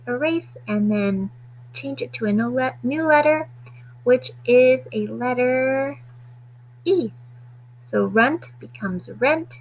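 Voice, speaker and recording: A woman teaching a phonics lesson to children, stretching out sounds slowly and deliberately. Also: fairly high pitch, breathy edge, lo-fi sound.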